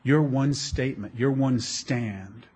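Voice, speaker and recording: A middle-aged man preaching a sermon as a pastor, telling animated, jokey stories with frequent restarts. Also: medium pitch, slow, breathy edge.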